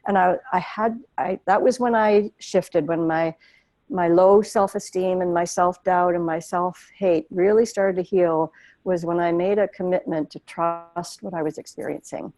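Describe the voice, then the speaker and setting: A woman's voice: fairly low pitch, fairly even intonation, measured pace, dark tone, no echo. A woman speaking earnestly about spiritual healing, in flowing, emotive phrases. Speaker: guest. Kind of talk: heartfelt spiritual conversation.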